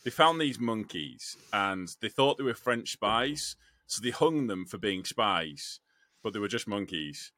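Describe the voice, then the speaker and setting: A young man chatting on a podcast, swearing often and laughing as he rambles through a story. His voice is bright and swings up and down a lot. The recording is close and dry. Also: lowish voice, animated, measured pace, no room sound. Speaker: podcast co-host. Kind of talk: casual chat.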